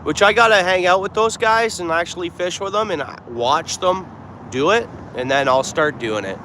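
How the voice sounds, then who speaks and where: A man's voice: high-pitched, lively intonation, moderate pace. A man chatting to viewers on a live stream while fishing outdoors, thinking aloud as he goes. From Canada. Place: outdoors by the water. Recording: clear outdoor background noise.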